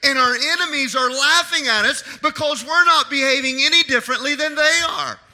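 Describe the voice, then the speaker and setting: A man preaching a sermon as pastor, impassioned, rising to shouts and dropping low to speak quietly. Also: brisk.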